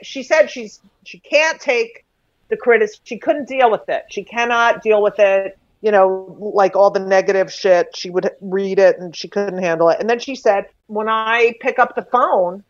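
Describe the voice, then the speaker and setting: Woman author on a podcast, swears a lot, animated storyteller, dry muffled sound. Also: medium pitch, moderate pace, no room sound. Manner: profane, lively storyteller. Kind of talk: casual chat.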